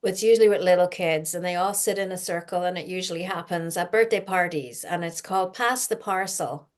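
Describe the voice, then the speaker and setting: Gentle woman talking healing. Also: fairly low pitch, fairly quick. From Ireland. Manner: gentle, reflective, talks with her audience. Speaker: spiritual healing podcast host. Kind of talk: casual spiritual chat.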